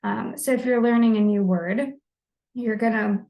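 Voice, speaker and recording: Brief: young female student, slightly high voice, friendly and explanatory, informal lesson read. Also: steady tone, moderate pace, warm tone, poor audio. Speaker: student presenting a discussion post. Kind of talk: informal lesson on the basics of language.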